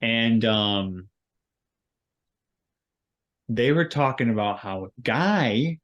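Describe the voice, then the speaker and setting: A man's voice: mid-range voice, lively intonation, extremely slow, fairly bright tone, dull audio. A man co-hosting a podcast in casual chat, rambling and hesitant, filling gaps with "like". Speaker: podcast co-host.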